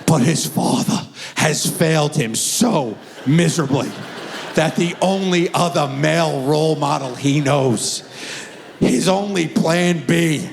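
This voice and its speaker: A middle-aged man performing a stand-up comedy routine, telling a story with animated delivery and acted-out voices. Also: high voice, vocal fry, in a large hall, slight background noise.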